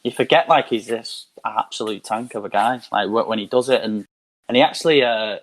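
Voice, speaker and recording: Male guest with a low voice, loose and rambling in casual chat. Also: fairly quick. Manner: rambling, heavy use of "like". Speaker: podcast guest.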